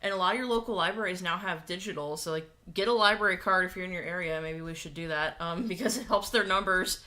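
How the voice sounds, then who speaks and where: A woman with a bright, forceful tone but a fairly low voice, co-hosting a relaxed livestream. She gives practical advice in an easygoing way and laughs often. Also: fast. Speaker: co-host. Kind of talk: casual chat.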